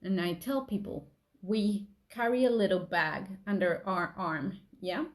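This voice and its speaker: Gentle woman talking about emotions. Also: mid-range voice, expressive, unhurried. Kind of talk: gentle spoken talk on emotions.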